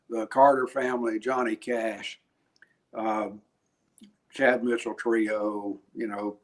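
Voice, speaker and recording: An older guest musician with a mid-range voice tells anecdotes during an interview. He's chatty and animated, laughing and restarting his phrases.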